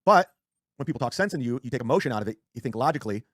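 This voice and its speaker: A man rants casually on a livestream in an expressive, mid-range voice at a very fast clip. He rambles, swears often, and keeps interrupting and restarting himself, all in clean studio sound with no room sound.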